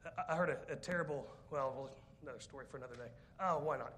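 A man's voice: mid-range voice, quick pace, slight background noise. A man preaching a sermon, telling a story with jokes, rambling asides and direct questions to the congregation. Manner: lively, joking, rambling with asides.

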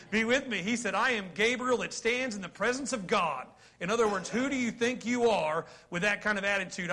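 A man in his forties preaching a sermon, reading scripture aloud and joking in a folksy, animated way with his congregation. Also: high voice. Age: 40s. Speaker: pastor.

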